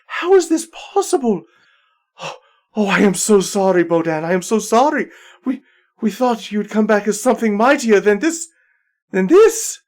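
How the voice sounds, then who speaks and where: A woman's voice: deep voice, expressive, moderate pace, voice pushed up. A man voicing Saradwin, an emotional woman leader, who talks in breathless, gushing exclamations. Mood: tearful joy. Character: emotional female leader reunited with old friend. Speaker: character voiced by the game master. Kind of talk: improvised tabletop role-play.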